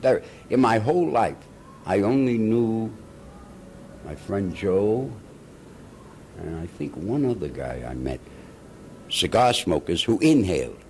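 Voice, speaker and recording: Older man, low voice, lively swooping delivery, chuckling anecdotes, acts out quotes. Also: measured pace, pauses often, slight background noise. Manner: animated, chuckling storyteller who acts out the people he quotes. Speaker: veteran actor being interviewed. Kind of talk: anecdotal storytelling.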